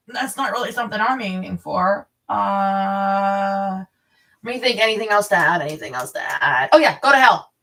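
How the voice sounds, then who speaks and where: A woman reads a memoir aloud and keeps wandering off into crude, rambling chatter between passages. Her voice sits a little away from the microphone, so it sounds slightly distant. Her pitch stays in a middle range. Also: a bit bright. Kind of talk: reading a memoir aloud with off-script asides. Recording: voice a bit distant from the mic.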